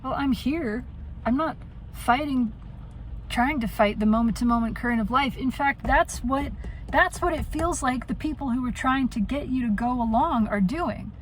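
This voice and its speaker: A woman's voice: high voice, moderate pace, slight background noise, poor audio. A woman venting in a personal monologue, blunt and profane, often trailing off and restarting. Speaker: vlogger.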